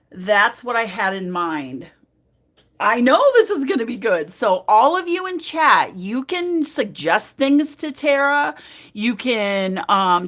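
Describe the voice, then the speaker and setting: A woman's voice: mid-range voice, a bit bright. A woman hosting a nail art livestream, chatting casually and affectionately with her viewers while she works, full of fillers. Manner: chatty and affectionate, talks to chat, many fillers. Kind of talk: casual live-stream chat while doing nails.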